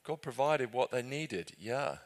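A British Bible study leader with an expressive, medium-pitched voice speaks a little slowly to his group. Easygoing and chatty with a gentle sense of humor, he frequently restarts and corrects his sentences.

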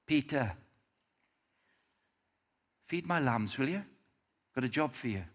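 A man voicing a gentle male teacher who tenderly asks a question and hands out a task. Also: medium pitch, lively intonation, slow. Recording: reverberant hall.

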